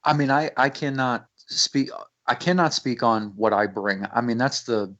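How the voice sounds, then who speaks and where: A man's voice: mid-range voice, steady tone, normal speed, a bit bright. Intense, cursing rapper man, muffled sound. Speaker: rapper and guest. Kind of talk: casual radio interview. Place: radio studio. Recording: muffled lo-fi radio audio.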